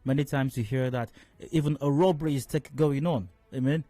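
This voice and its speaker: A man with a Nigerian accent giving radio commentary as a talk show host, measured and full of fillers and restarts. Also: medium pitch, mellow, no echo, faint music behind. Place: radio studio.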